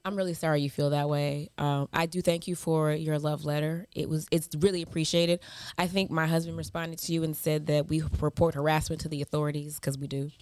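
A woman's voice: low voice, flat delivery, fairly quick, a little mellow, no room sound. A woman in her thirties co-hosting a podcast. She talks in a sassy, mocking way and reads hate mail aloud, laughing as she goes. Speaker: podcast co-host. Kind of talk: casual chat.

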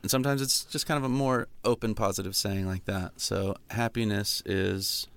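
A man's voice: lowish voice, steady tone, normal speed, creaky, smooth. A man from California hosting a podcast, chatting playfully and improvising rap rhymes. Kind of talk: casual chat with improvised rap. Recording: loud hip hop music behind.

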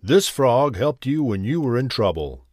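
A man's voice: medium pitch, very animated, a little slow, a little mellow, no echo, studio quality. A man voicing a stern, fatherly king in a storybook.

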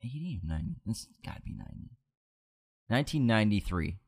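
Lively, teasing male podcast quizmaster. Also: on the low side, fast, breathy edge. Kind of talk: casual podcast chat.

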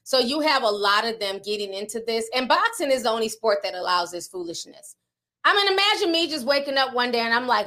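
Bright high-voiced chatty woman vlogger. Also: big pitch swings, a little fast. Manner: chatty, laughs often, slangy asides. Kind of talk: casual gossip commentary.

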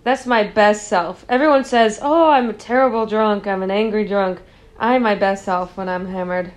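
A woman's voice: medium pitch, moderate pace. Self-mocking young woman in casual chat.

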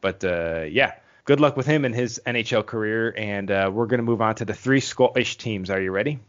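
A man's voice: on the low side, fairly quick. A man co-hosting a sports podcast, explaining teams in an easygoing way with many fillers. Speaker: podcast co-host. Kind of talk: casual sports chat. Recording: dull lo-fi podcast audio.

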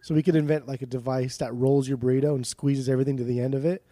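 Goofy young man, warm dry voice. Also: mid-range voice, fairly even intonation, fast talker, no room sound. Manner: goofy, laughs often, rambling riffs. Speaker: podcast co-host. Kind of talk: casual chat.

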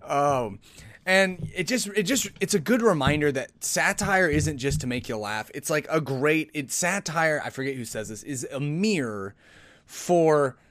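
A man's voice: a little high, animated, measured pace, a bit bright, no room sound. A man hosting a podcast, casually commenting on satirical headlines in a rambling, sarcastic way with frequent restarts. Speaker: podcast host.

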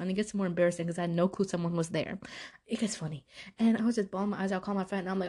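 A young adult woman vlogging a casual storytime, lively, acting out her own past lines. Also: medium pitch, quick pace. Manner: animated, acts out her own past dialogue.

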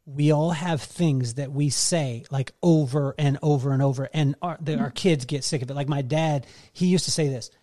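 An enthusiastic male podcast host with a fairly high voice. He rambles through his questions, restarting them as he goes, in an easy, chatty interview style. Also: moderate pace, hardly any pauses, dark tone. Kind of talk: casual interview chat.

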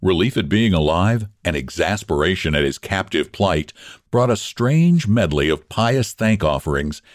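A man narrating a story in an expressive, measured reading. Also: sits low, no room sound, studio quality.

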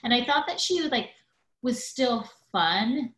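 A woman's voice: fairly high pitch, expressive, measured pace, a bit bright. Chatty woman in an echoey room. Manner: chatty, many fillers, gossipy asides. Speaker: podcast guest. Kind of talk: casual chat.

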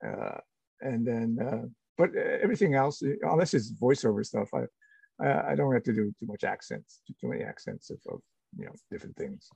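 A middle-aged man, an actor being interviewed, talking casually and haltingly with many restarts and fillers. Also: medium pitch, very animated, creaky, a little mellow, husky, dry recording, rough recording. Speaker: actor guest.

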